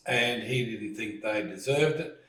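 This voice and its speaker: A man leading a relaxed dining-table discussion, slowly retelling a story and acting out what people said. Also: on the low side, far from the mic. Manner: slow storytelling, retells scenes with acted lines. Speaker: discussion leader. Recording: echoey room, voice set back from the mic.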